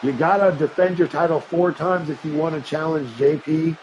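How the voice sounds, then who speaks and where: A man doing hyped play-by-play commentary on a live-streamed wrestling game, rising into shouts on big moments. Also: on the high side, steady tone, moderate pace, highs cut off, slight background noise. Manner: hyped announcer delivery that rises to shouts.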